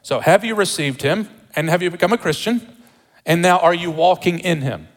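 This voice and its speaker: A pastor preaching a sermon with emphasis, repeating rhetorical questions to the congregation. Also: male voice, high voice, moderate pace, long reverb tail.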